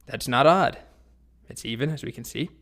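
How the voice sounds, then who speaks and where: A man's voice: mid-range voice, normal speed, a bit bright, lightly acted. A man voicing a grumpy, hungry male dragon in a spoken story, talking down to a boy. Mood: bored. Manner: grumpy, condescending.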